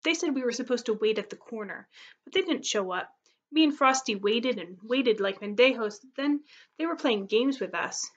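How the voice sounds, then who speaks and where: Woman reading as a grumbling teen boy, defensive, touch high, muffled audio. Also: animated, moderate pace. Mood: annoyed. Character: frustrated teenage boy, older brother.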